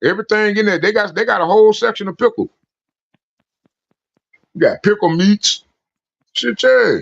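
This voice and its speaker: A man chatting casually as a caller on a live call-in stream, telling animated stories, laughing and acting out voices. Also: sits high, normal speed, creaky, no room sound, lo-fi sound. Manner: animated storyteller, laughs a lot, acts out voices. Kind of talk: casual banter. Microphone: remote call audio.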